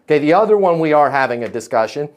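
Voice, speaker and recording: A man leads a live sales coaching call over video, his voice sitting a little high. He talks in emphatic, punchy bursts and keeps checking in with the group. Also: lively intonation, fast. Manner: emphatic, punchy, keeps asking "right?" and "okay?".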